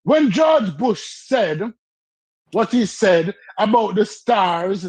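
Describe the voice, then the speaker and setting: Husky high-voiced man ranting. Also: expressive, takes it slowly, no room sound, poor audio. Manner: forceful ranting, mocking chants. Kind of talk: heated casual debate.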